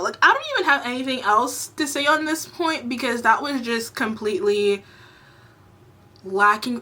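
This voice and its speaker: A woman's voice: a little high, moderate pace, sharp tone. A young woman giving a heated, exasperated commentary vlog rant, swearing freely. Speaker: YouTube commentator.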